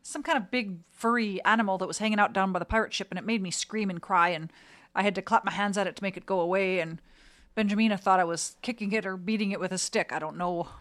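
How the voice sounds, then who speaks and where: A woman's voice: medium pitch, fast talker, fairly bright tone. A woman co-hosting a podcast, bantering and teasing in casual chat. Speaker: podcast co-host.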